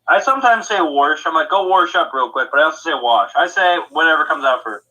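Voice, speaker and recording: A man chats casually on a podcast, rambling from one thought to the next and laughing often. His voice sits a bit high and rings very bright. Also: lively intonation, fast, low-quality recording. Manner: rambling, chatty, laughs easily. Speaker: podcast co-host. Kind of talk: casual chat.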